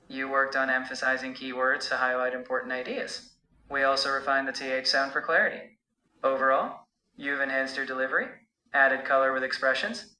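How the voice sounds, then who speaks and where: A bright, crisp synthetic assistant voice that gives feedback in an even, clear and encouraging way. It plays back in a room with plenty of echo around it. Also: medium pitch. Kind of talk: spoken feedback summary.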